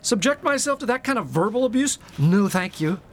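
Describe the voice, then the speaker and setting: A middle-aged man in a self-righteous, prissy comic monologue, explaining himself to a police officer and breaking into shrill, high-pitched rants. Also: expressive, brisk. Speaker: comedic monologue character.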